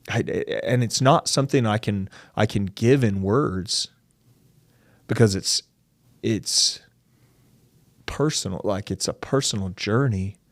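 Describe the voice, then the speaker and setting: Casting: low, gravelly guy, dry close sound, long-winded podcast guest. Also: no room sound. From United States. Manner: long-winded, acts out quoted dialogue, says dude and like. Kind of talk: candid personal storytelling in an interview.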